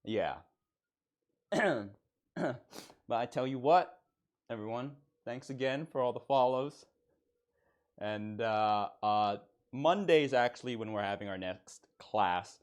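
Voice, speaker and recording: A man's voice: mid-range voice, slow, pauses often. A young man chatting casually on a live stream in a playful, joking teacher persona, laughing often.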